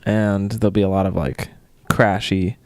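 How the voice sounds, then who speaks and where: A man's voice: fairly low pitch, fairly even intonation, normal speed, dry recording. A young man co-hosting a podcast, chatting casually and teasing with playful exaggeration. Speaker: podcast co-host. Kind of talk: casual chat.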